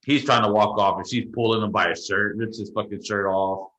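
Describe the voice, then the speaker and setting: A man's voice: fairly low pitch, a little fast, lo-fi sound. A young adult man, a podcast co-host, telling a story in casual chat, rambling and swearing freely. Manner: profane, rambling, animated retelling.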